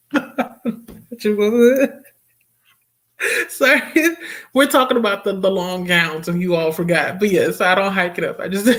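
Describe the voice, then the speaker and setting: A woman's voice: fairly low pitch, a bit bright. A young woman hosting a casual book livestream, chatting expressively with viewers, reading their comments aloud and laughing often. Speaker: booktube livestream host.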